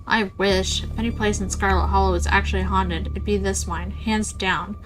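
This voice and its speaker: A woman's voice: mid-range voice, steady tone, moderate pace, music in the background, close to an everyday voice, low-quality recording. A woman voicing a cheerful young ghost hunter with a teasing, morbid humor, reading lines from a game. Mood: breezy. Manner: breezy, teasing.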